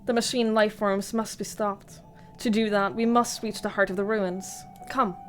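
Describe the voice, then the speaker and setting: A woman voicing a calm, serious android who speaks in an earnest, commanding way. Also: medium pitch, normal speed, soft background music, natural voice. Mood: resolute.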